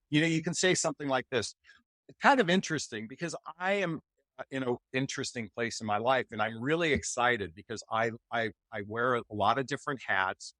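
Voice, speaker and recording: A man from the United States speaks as a podcast guest, animated and eager, acting out the replies he recommends. His voice sits at a middle pitch and is recorded dry, with no room sound. He talks like a coach giving advice. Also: dry recording. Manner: animated, enthusiastic, acts out example replies. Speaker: dating and relationship coach, guest. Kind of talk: podcast interview.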